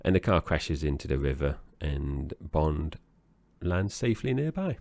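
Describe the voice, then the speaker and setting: Man, very deep voice, gravelly, rambling hesitant chat, dry sound. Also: big pitch swings, a little slow, a little mellow, no echo. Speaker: podcast co-host. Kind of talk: casual film-review chat.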